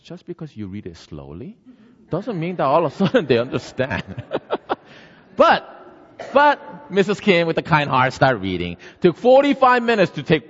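Male preacher, lively storyteller, pitch rising and falling widely, long-echo hall. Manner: lively storytelling, acts out the characters. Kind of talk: storytelling sermon. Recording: dull sound, long hall reverb.

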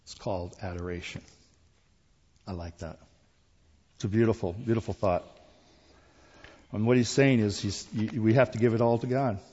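A man's voice: on the low side, moderate pace, pauses often, slightly rough. Man preaching in an echoing hall. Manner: rising to emphatic, then dropping to quiet asides. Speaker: pastor. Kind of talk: sermon. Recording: dull sound with long hall reverb.

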